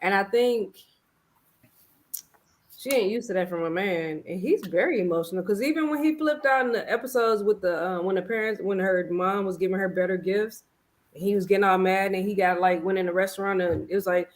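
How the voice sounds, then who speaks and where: A woman hosting a casual chat about a reality show, talking candidly and telling her own story with slangy, animated detail. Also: medium pitch, a little fast. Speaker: podcast host.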